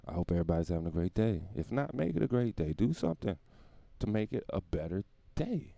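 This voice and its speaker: A man's voice: deep voice, sing-song, fast talker, creaky, mellow, dry recording. A man hosting his own podcast, rambling through a profane comedic monologue and laughing at his own jokes. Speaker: podcast host.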